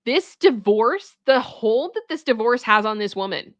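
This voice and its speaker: A woman hosting casual story commentary, chatty and animated, often laughing as she reacts. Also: on the high side, unhurried, no echo, lo-fi sound. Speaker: commentary host.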